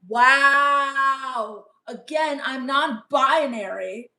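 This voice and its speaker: High-voiced deadpan gothic valley-girl woman. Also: measured pace. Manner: misanthropic, dismissive. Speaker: comedic livestream host reading chat. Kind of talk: deadpan character comedy livestream.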